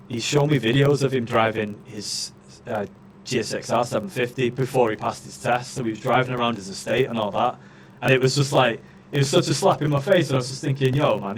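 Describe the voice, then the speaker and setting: Male streamer, mid pitch, rambling and sweary, faint noise behind. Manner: swears a lot, ranting with many fillers. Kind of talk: casual chat.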